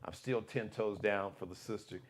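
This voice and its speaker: A man hosting a live political commentary show, talking in an emphatic, repetitive monologue that swings between loud bursts and low asides. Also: normal speed.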